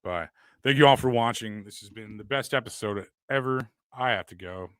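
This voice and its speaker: A man hosting a podcast, ranting loudly with constant profanity and mock bragging in crude comedic banter. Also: lowish voice, moderate pace, clear, resonant tone, no room sound. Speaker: podcast host.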